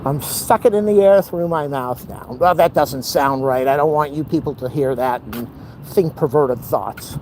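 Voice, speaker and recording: A man's voice: a little high, moderate pace. Breathless, joking man on a walk. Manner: breathless, self-mocking, playful asides. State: out of breath and sweating. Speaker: vlogger. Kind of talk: walking vlog, joking to camera. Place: outdoors on a city street. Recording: outdoor street noise.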